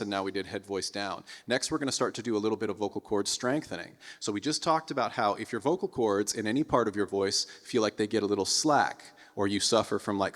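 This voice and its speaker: A man's voice: fairly low pitch, fairly bright tone, big-room sound. A man teaching a singing lesson as a vocal coach, encouraging students and demonstrating sung exercises. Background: piano.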